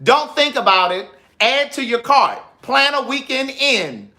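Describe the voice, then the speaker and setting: Animated high-voiced man, sassy and laughing. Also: a little slow. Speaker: vlog host reading product reviews. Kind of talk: casual comedic chat.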